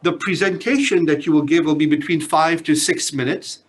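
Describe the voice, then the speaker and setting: A man's voice: on the high side, normal speed, a little hiss or hum. A male business professor giving a class direct instructions, often checking in with "all right?".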